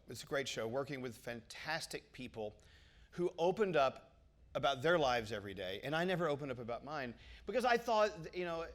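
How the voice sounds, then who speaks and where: A radio host, telling stories in an animated, jokey way on stage before a live audience. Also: male voice, a little high. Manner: animated storyteller, jokey and profane. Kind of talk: stage interview.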